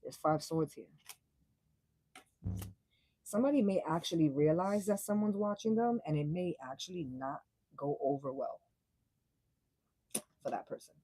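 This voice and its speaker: A young woman giving a casual live tarot reading, blunt and profane, full of slang and quick laughs. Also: low-pitched, lively intonation, mellow, dry recording, low-quality recording. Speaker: tarot reader.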